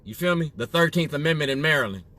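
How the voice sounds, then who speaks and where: A man's voice: fairly high pitch, animated, fast, pushed and bright, slight background noise. A man from Illinois speaking straight to camera in an emphatic monologue. He keeps asking "you feel me?". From Waukegan area, Illinois, US. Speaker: activist.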